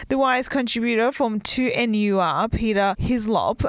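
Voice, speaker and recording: A woman reading a scripted news introduction in a measured, even way. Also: mid-range voice, dry recording. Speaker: news presenter.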